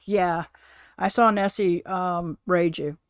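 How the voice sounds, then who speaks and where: A woman streaming from home, chatting casually and rambling to her viewers, now and then cooing softly to her cat. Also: on the low side, fairly even intonation, slow, smooth, no echo, clean studio sound.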